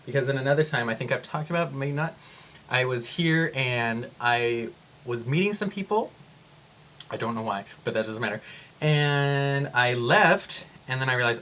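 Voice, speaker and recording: A man vlogging to camera, telling a story in a rambling, excitable way with frequent exclamations. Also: mid-range voice, brisk, slight background noise.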